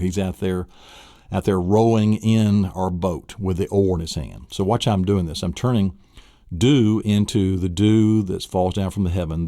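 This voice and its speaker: A man's voice: sits low, dark tone, dry recording, studio quality. A man teaching a memory technique, quizzing the listener with questions he answers himself. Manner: enthusiastic, asks and answers his own questions. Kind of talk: spoken lesson walkthrough.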